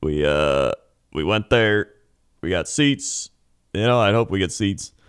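A man with a lowish, smooth and clear voice chats casually on a podcast. He hesitates often with fillers, yet his pitch moves expressively, and the recording is dry. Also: expressive, unhurried, no echo. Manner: easygoing, hesitant with many fillers. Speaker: podcast co-host. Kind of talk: casual chat.

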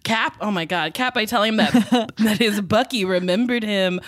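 A woman's voice: medium pitch, moderate pace, no room sound, studio quality. A woman co-hosting a podcast, recapping a film in playful casual chat and laughing often. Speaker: podcast co-host.

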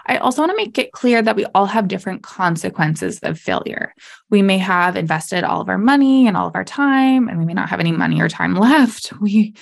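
A woman's voice: medium pitch, animated, a little fast, vocal fry. A young adult woman hosting a solo podcast, talking casually and candidly, laughing often and filling with "like" and "you know". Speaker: podcast host.

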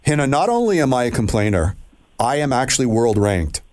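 Lively, joking male show host. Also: mid-range voice, brisk. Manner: jokey, self-mocking banter. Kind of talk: casual interview chat.

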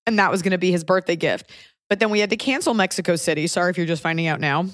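A woman with a lowish voice hosts a casual podcast, spinning rambling, joking stories and tossing in the odd swear word. The mic is close and dry, with no room sound. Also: rapid-fire, no room sound. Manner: chatty, loose storytelling with jokes and swearing. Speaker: podcast host. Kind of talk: casual chat.

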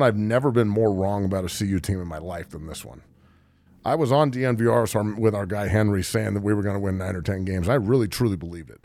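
A man's voice: fairly low pitch, darkish tone, no echo. A man in his forties, talking casually about sports as a podcast host, heated, profane and emotional. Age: 40s. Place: studio.

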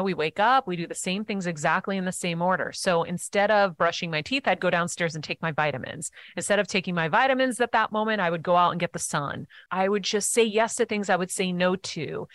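Woman guest on a podcast, kinda low voice, super dry sound, tells stories and does the quotes. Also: a little fast, few pauses, a bit bright, dry recording. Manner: earnest, storytelling, acts out quotes. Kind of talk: casual interview talk.

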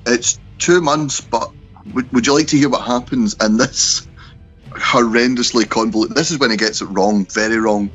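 A man's voice: mid-range voice, normal speed, a bit bright, husky, faint music behind. A man co-hosting a casual wrestling podcast, recapping events in a wry, storytelling way. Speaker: podcast co-host. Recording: dull, lo-fi remote call.

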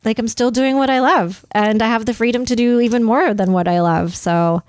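A woman with a fairly high voice tells her story in a lively, chatty way, laughing as she goes. The recording is close and dry, with no room around it. She sounds like a designer in her forties. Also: moderate pace, dry recording. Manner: animated storyteller, laughs often. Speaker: fashion designer guest. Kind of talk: casual chat, storytelling.

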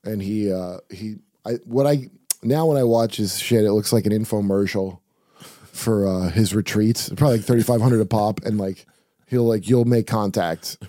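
A man hosting a podcast in casual comedic chat, animated and profane as he riffs. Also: lowish voice, normal speed, no echo, studio quality. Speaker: podcast host. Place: podcast studio.

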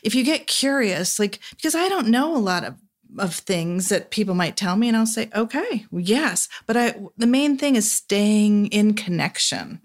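A woman's voice: mid-range voice, lively intonation, moderate pace. Woman therapist, podcast guest; reflective, conversational, mid-range voice. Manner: reflective, often tags points with "right?".

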